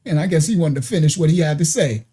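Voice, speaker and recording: A man's voice: a little high, quick pace, over a noisy crowd. A man giving preachy, conversational commentary on played clips, with frequent asides and checks on whether listeners follow. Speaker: online ministry commentator.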